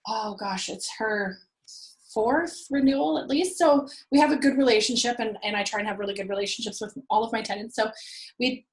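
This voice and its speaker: A woman, a real estate investor and landlord, telling an animated story about her rental properties, acting out what people said. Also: on the high side, brisk, echoey room, poor audio. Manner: animated, acts out her own past quotes. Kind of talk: conversational storytelling.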